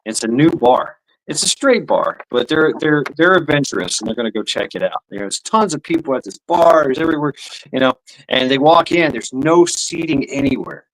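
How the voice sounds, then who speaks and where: A man with a fairly high voice, hosting a live stream and telling crude jokes. He talks loosely, swears freely and breaks into laughter at his own punchlines. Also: expressive, moderate pace, rough recording. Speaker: streamer host.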